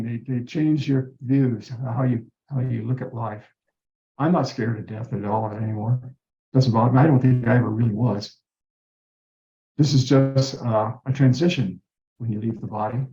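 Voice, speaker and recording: A man earnestly telling a personal story in an interview, acting out the voices he quotes. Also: mid-range voice. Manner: earnest, animated retelling with quoted dialogue. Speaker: guest telling his story. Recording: roomy dull-sounding recording.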